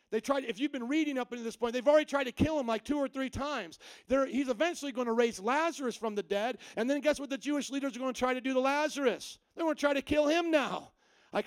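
A man preaching a sermon, animated and full of rhetorical questions to the congregation. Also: very high voice, fast talker, smooth, no room sound. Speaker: pastor.

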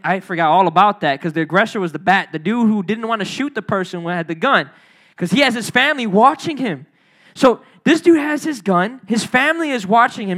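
A man's voice: high-pitched, fairly bright tone. A man preaching a sermon in a loose, slangy storytelling way, acting out the people in his stories. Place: church hall.

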